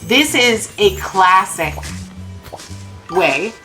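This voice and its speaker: A medium-pitched young woman talks extremely slowly while playing a game, venting in an animated, exasperated way with occasional swearing. Faint game music plays under the low-quality recording.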